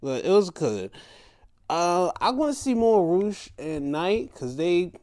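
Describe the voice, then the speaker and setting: A podcast host runs a laid-back sports and wrestling recap, his pitch swinging up and down in a lively, animated way. He speaks at an unhurried, drawn-out pace, playful and loose, sometimes leaping into high mocking voices.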